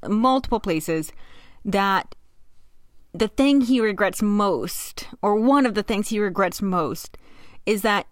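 A woman's voice: mid-range voice, expressive, takes it slowly, dry recording, clean studio sound. A woman hosting a casual podcast, telling a story in a wry way and laughing often.

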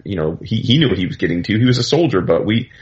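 Brief: commanding woman hero, done by a man in his own low voice, dull lo-fi sound. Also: lively intonation, quick pace, natural voice. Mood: dismissive. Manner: casual retold quote, dismissive.

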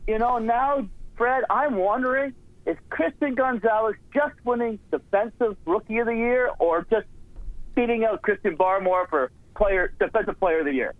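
A man calling in to a sports talk show over a tinny phone line, his voice on the high side. He rambles and turns sarcastic, with lots of fillers. The line sounds dry, with no room around it. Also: normal speed, no room sound. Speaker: caller. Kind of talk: sports radio call-in.

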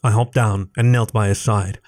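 A man narrating a first-person story in a steady, measured reading voice. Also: lowish voice. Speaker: story reader.

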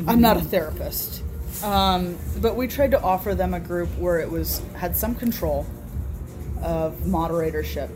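A woman's voice: on the low side, measured pace. Woman telling a story casually in an interview, acts out the quotes, music under her. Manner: candid, animated, acts out quoted dialogue.

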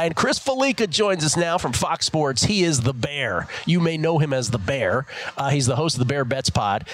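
A man hosts a sports betting talk show, his pitch swinging up and down with real life. He keeps the patter brisk and jokey as he introduces guests and tees up topics. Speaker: radio show host.

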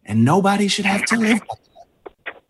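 A man being interviewed, telling a personal story with many pauses and fillers as he fights back tears. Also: high-pitched, very animated, slight background noise. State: emotional, close to tears. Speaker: interview guest.

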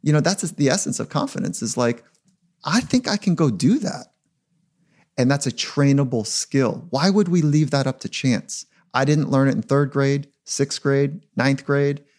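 A man's voice: mid-range voice, moderate pace, few pauses, a little mellow. A man being interviewed as a performance psychologist, talking in a reflective, emphatic way. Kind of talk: podcast interview.

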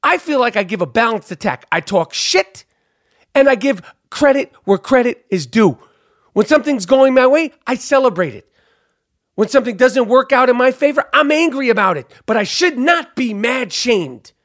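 Man, high-pitched, loud profane rant, lots of uh and um, podcast host, dry studio sound. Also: animated, normal speed, no echo. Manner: loud, profane, ranting with many fillers.

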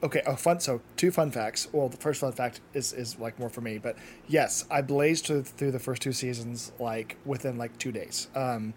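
A man's voice: medium pitch, normal speed, hardly any pauses, a little hiss or hum. A man co-hosting a podcast in casual chat, enthusiastic and full of "like" fillers. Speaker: podcast co-host.

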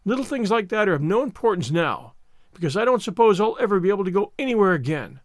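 A man's voice: high voice, very animated, fast, no echo, clean studio sound. A man reading the part of a dramatic, despairing young orphan girl in a storybook, full of theatrical self-pity. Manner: theatrical, self-pitying laments.

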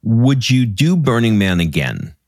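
A man's voice: mid-range voice, big pitch swings, unhurried, a little mellow, no room sound, studio quality. A man hosting a podcast, asking questions in a playful, upbeat, jokey way. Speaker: podcast host. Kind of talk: casual interview chat.

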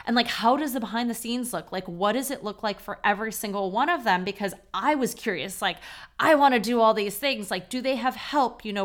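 A woman's voice: a little high, a bit bright. A woman in her thirties hosting a podcast, talking off the cuff in a candid, chatty way full of "like". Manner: candid, quick and chatty with many "like"s. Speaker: podcast host. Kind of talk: unscripted solo podcast talk.

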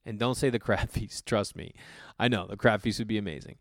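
A man's voice: lowish voice, a little fast, gravelly, dry recording, clean studio sound. A man hosting his own podcast, telling work stories in a rambling, casual way with swearing and lots of fillers. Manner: rambling, profane, frequent fillers and restarts. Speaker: podcast host. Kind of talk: casual solo storytelling.

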